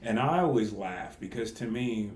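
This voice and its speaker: Low-voiced host in an echoey room. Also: male voice, expressive, normal speed, a little mellow. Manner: rambling questions with many restarts. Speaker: podcast host and coach. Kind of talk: interview questions.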